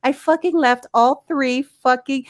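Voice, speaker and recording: A woman co-hosting a podcast in casual chat, animated and swearing freely, laughing often. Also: sits high, unhurried, no room sound, studio quality. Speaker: podcast co-host.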